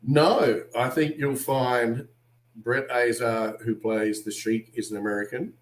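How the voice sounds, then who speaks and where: A man with an Australian accent, an actor guest on an interview, telling animated anecdotes and acting out what other people said. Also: medium pitch, slow, reverberant, low-quality recording. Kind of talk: casual interview storytelling.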